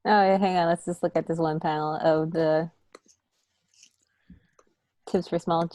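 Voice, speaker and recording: A woman's voice: on the low side, steady tone, a little slow, warm tone, no echo. A woman chatting in a casual book club, giggly and chatty. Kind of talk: casual group chat.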